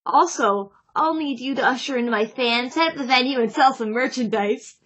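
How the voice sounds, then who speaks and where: Brash teen idol girl, read by a woman, blunt, teasing, a bit high, lo-fi podcast audio. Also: normal speed, fairly bright tone. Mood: cocky. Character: brash teenage girl street idol, bossy and cheeky.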